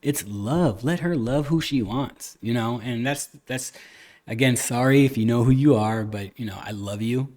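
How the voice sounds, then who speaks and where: A man's voice: mid-range voice, normal speed. A man hosting a podcast, chatting casually and retelling a family story, with lots of restarts, quoted dialogue and the odd cuss word. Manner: animated storyteller, many restarts, retells dialogue, occasional cussing. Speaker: podcast host. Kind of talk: casual chat.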